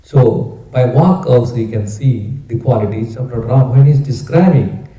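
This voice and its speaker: A man, telling a sacred story in an animated, conversational sermon. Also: mid-range voice, moderate pace, reverberant, poor audio. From India. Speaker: preacher. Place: roomy temple hall.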